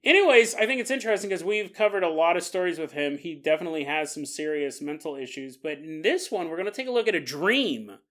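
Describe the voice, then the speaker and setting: A man's voice: a little high, expressive, fast, hardly any pauses, fairly bright tone. A man hosting a podcast in a casual, joking monologue, laughing often and making asides to listeners. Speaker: podcast host.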